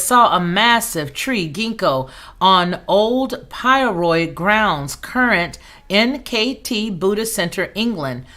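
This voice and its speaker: A woman's voice: medium pitch, fairly bright tone. Chatty woman hosting a live chat. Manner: chatty, conversational, reads comments aloud. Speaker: livestream host reading viewer chat. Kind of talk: casual live-chat talk.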